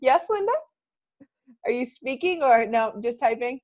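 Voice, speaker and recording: Excitable chatty woman coaching her team. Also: a little high, highs cut off. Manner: chatty, excitable, quick asides and laughs. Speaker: team coach leading a group call. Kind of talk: casual motivational team call.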